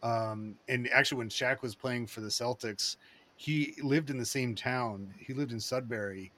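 A man talking in a rambling, excitable way, with lots of fillers and restarts, in a casual chat. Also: mid-range voice, moderate pace.

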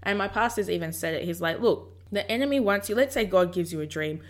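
A woman's voice: lowish voice, lively intonation, fast. Woman reflectively sharing faith encouragement. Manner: conversational, reflective, acts out inner dialogue. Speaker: podcast host. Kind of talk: casual faith encouragement talk.

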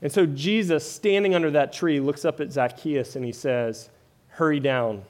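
A man's voice: fairly high pitch, normal speed, darkish tone. A man preaching a sermon in a conversational way, often tagging lines with "right?" and "like". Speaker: pastor.

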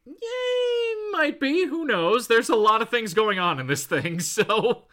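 A man's voice: high-pitched, lively intonation, a little slow, pushed and bright. A man co-hosting a podcast, recapping comics in casual chat, laughing often and reading lines in playful voices.

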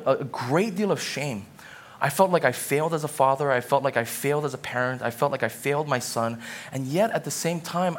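Man preaching a casual, halting sermon. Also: fairly high pitch. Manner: conversational storytelling with many fillers and restarts. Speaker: pastor.

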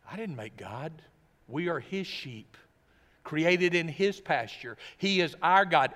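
Pastor, mężczyzna, głos dość wysoki, długi pogłos kościelnej sali, emfatyczne kazanie. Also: male voice, fairly high pitch, fairly bright tone. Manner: emphatic, full of rhetorical questions. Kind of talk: sermon. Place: church sanctuary. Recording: long reverb of a church hall.

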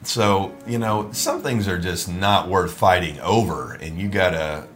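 A man co-hosting a relaxed talk on relationships, who laughs often and gets animated when he retells a quarrel. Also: low-pitched, measured pace. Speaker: ministry co-host. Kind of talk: casual conversation about marriage.

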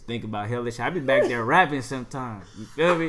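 A young man talking casually in a relaxed, slangy way, often checking that his listener follows. His voice sits at an ordinary pitch. A faint hiss runs under the recording. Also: fast. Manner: slangy, laid-back, keeps asking "you feel me?". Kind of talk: casual chat.

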